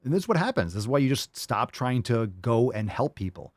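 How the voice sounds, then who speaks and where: A middle-aged man hosting a fitness podcast reads viewer comments from the livestream chat, mocking them with blunt profanity. His medium pitch swings widely as he talks fairly quickly, and the studio-quality audio has no echo.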